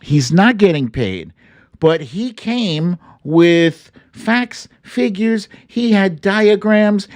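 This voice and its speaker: A man hosting a casual commentary show, joking and swearing freely. He talks slowly with a lively, swooping pitch. The sound is dry and close. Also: dry recording. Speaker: show host.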